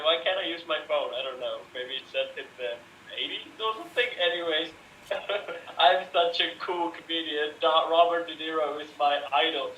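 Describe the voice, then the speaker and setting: A sad, awkward male comedian mumbles and giggles at the wrong moments, as a man acts him out. His voice is bright and a little high. It echoes from a distance, with faint noise behind.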